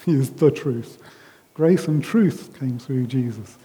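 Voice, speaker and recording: Mellow-voiced man preaching in a reverberant hall. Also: medium pitch. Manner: unhurried, with frequent ums and restarts. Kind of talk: conversational sermon.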